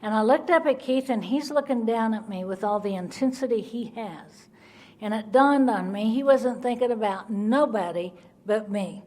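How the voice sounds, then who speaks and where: A woman giving her Al-Anon recovery testimony, telling her story in an animated way and acting out the people in it. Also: mid-range voice. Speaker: Al-Anon speaker.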